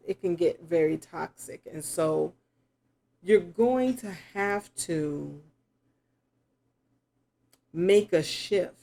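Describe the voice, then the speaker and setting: Middle-aged female tarot reader, very slow delivery, warm dark tone, reflective and musing. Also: on the low side, creaky. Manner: slow, reflective, musing aloud with sudden exclamations. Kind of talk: spoken tarot reading to camera.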